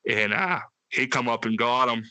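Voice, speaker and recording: Bright-voiced profane storyteller man. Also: mid-range voice, normal speed, no echo. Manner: profane, animated, acts out quotes with a raised voice. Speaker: podcast co-host. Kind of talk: casual storytelling.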